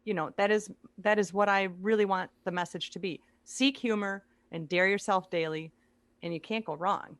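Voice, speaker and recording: A woman, an author and speaker, guesting on a podcast in casual chat, quick-witted and upbeat. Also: mid-range voice, no echo.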